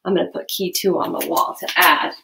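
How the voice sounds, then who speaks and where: A woman with a slightly low voice gives a recorded lesson to schoolchildren. She speaks gently and patiently and keeps asking the children questions. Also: fairly even intonation, fairly quick, creaky, a little hiss or hum. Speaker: school staff member teaching students.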